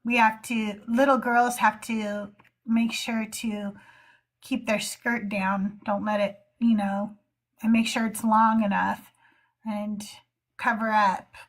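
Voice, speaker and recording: A woman hosting a live call-in show, talking slowly and earnestly with many fillers. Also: mid-range voice, little pitch movement. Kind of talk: casual livestream talk.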